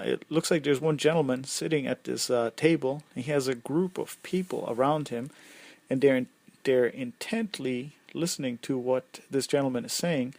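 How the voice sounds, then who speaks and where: A man narrating a tabletop game as game master, halting and full of ums and uhs. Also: mid-range voice, vocal fry, a little mellow, dry recording.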